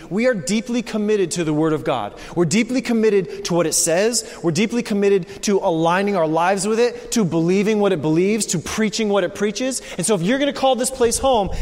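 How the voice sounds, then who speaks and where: A pastor delivers a sermon in a high, bright voice, moving between quiet, low passages and loud bursts. His words ring out with the long reverb of a large hall. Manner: dynamic preaching, swinging from hushed to loud.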